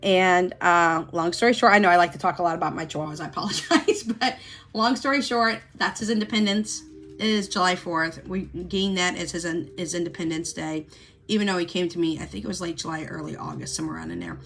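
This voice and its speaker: A woman's voice: on the low side, brisk, a bit bright, a little hiss or hum. A woman chatting casually to camera about her budget from her home desk, rambling and correcting herself as she goes. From Missouri. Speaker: budgeting vlogger.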